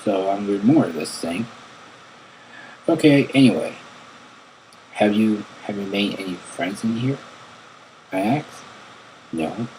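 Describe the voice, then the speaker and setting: A man's voice: on the low side, normal speed, a little mellow, slight background noise, poor audio. A man reading a fan interview aloud, stumbling and repeating words as he goes. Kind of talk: halting read-aloud narration.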